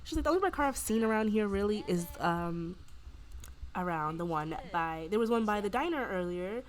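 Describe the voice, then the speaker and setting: A woman's voice: mid-range voice, expressive, a little hiss or hum. Chatty woman narrating a game. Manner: rambling, heavy use of "like" and "you know"; voices the Sims' lines in quick quoted asides. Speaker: gameplay narrator. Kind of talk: casual let's-play storytelling.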